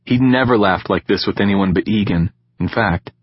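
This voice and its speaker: A man narrating an audiobook in a calm, measured reading style. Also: lowish voice, husky, dry recording, lo-fi sound. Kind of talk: scripted narration.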